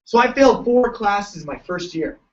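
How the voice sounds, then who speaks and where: A man's voice: sits high, expressive, moderate pace, recorded from a distance, muffled recording. A man giving a joking, story-filled motivational talk to students at a large event. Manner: joking, tells stories, laughs often. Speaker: keynote speaker.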